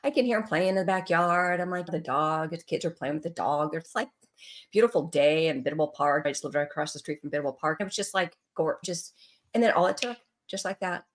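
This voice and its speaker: A woman's voice: low voice, a little fast. A middle-aged woman telling an emotional personal story as a guest in an interview.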